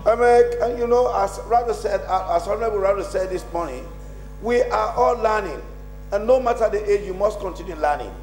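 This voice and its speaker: A man speaking in parliament in a halting way, often stopping to correct himself and leaning on fillers. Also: high-pitched, animated, darkish tone, reverberant, faint music behind. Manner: halting, full of "I mean" fillers. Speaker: member of parliament. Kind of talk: parliamentary debate. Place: parliament chamber.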